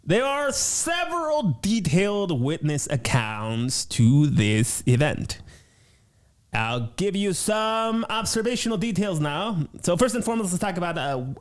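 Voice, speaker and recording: A man hosting his show in a playful, goofy way, talking casually from a home studio. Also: fairly high pitch. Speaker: show host.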